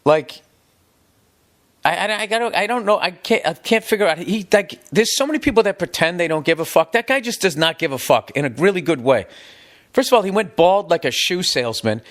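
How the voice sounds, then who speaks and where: Middle-aged American man, podcast host; rambling, profane comic monologue, voice sits a touch high. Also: expressive, a little fast, a bit bright. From United States. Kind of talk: casual comedic monologue.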